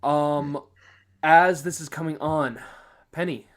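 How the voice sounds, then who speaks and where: A man's voice: on the high side, fairly even intonation, slow. A man narrating as game master in a casual, loose way with many fillers.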